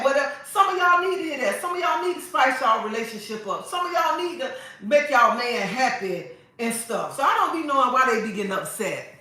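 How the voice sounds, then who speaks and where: A woman livestream host, sassy and preachy as she lectures her viewers and calls them honey. Her voice is bright and sharp. It is caught from a distance in a roomy, echoing space. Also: high voice, big pitch swings, fairly quick. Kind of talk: casual livestream chat. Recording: echoey room, mic at a distance.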